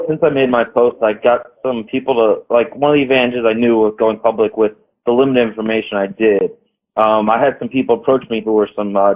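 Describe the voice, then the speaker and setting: A man speaks as a player guest on a poker panel and makes his points bluntly. His voice sits a little low. It comes through a thin, phone-like line. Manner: direct and assertive. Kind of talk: casual panel talk.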